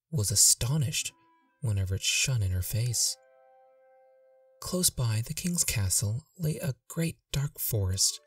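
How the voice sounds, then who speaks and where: Casting: man telling a storybook fairy tale, mid-pitched, mic a bit distant, soft music under. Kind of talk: scripted fairy tale narration.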